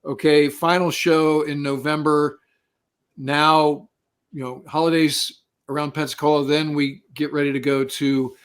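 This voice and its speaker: A man with a somewhat high voice hosts an interview. He asks relaxed, conversational questions and sets up each topic for his guest, sometimes restarting his sentences. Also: measured pace, clean tone. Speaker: podcast host.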